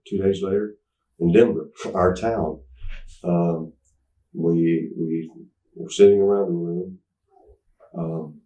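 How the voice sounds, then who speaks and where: A former wrestler as an interview guest, telling candid stories in a rambling, halting way full of fillers and restarts. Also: male voice, sits low, dark tone. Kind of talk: candid anecdotal storytelling. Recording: roomy sound, mic at a distance.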